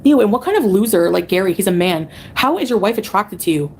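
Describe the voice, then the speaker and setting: A woman's voice: mid-range voice, animated, fast talker, darkish tone, a little hiss or hum. A woman ranting on a livestream, angry and mocking as she answers her chat. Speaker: streamer being reacted to. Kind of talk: heated livestream rant.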